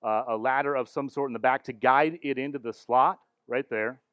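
A man's voice: medium pitch, fairly even intonation, moderate pace, a bit bright, dry recording, low-quality recording. A man preaching a sermon in church as pastor, retelling the crucifixion with dramatic, building intensity. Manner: dramatic, rising to intense passages. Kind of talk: sermon with live demonstration.

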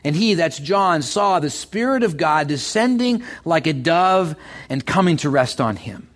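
Animated, stumbling middle-aged male pastor. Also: a little high, measured pace. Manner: animated, builds to excited bursts; stumbles and repeats words often. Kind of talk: sermon.

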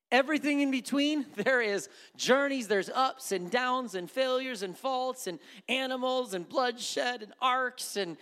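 A man's voice: very high-pitched, a bit bright, big-room sound. A male pastor preaching a sermon in an impassioned way, repeating refrains.

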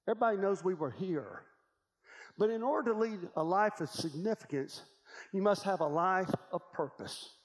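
Preacher guy, high-ish voice, keeps repeating his points, big echoey church. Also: a little mellow. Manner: emphatic, repetitive preaching cadence. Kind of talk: sermon. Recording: long hall reverb.

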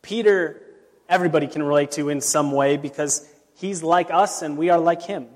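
A man's voice: on the high side, moderate pace. Man preaching in a reverberant hall. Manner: casual, storytelling with plain asides. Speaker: pastor. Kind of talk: conversational sermon. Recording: long reverb of a large hall.

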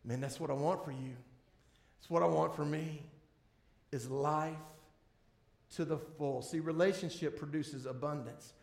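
High-voiced pastor preaching in an echoey hall. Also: male voice, fairly even intonation, unhurried, gravelly, long pauses. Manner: emphatic, swings between loud and hushed; drags out key words, repeats for emphasis. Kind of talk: sermon. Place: church sanctuary before a congregation. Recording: echoey room.

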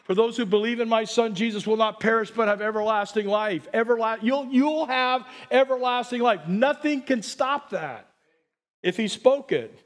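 Older male pastor, very high-pitched, excitable, joking sermon delivery. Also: normal speed, few pauses.

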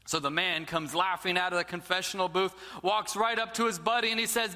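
High, bright-voiced preaching man. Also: steady tone, brisk, hardly any pauses, in a large hall. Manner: storytelling, dramatic drops to a near-whisper. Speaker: pastor. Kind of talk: sermon.

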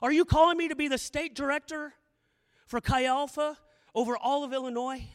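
A man preaching a sermon as a campus missionary, swinging from hushed storytelling to shouted prayer. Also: very high-pitched, steady tone, a little fast. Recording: long reverb of a large hall.

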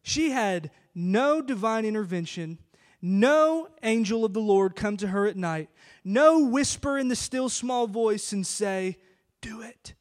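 A man's voice: sits high, expressive, measured pace. A man pastor preaching an emphatic sermon full of rhetorical questions.

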